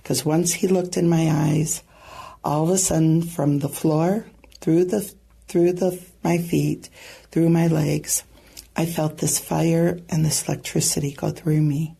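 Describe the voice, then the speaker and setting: Earnest female storyteller with a low, dark, mellow voice; halting delivery. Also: steady tone, creaky, breathy edge. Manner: earnest, halting retelling with soft asides. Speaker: guest sharing a testimony. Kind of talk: personal storytelling.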